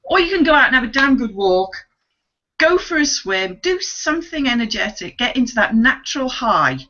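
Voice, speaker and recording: A woman, co-hosting a casual online chat, animated and laughing often as she acts out voices. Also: a little high, normal speed, lo-fi sound. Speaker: co-host.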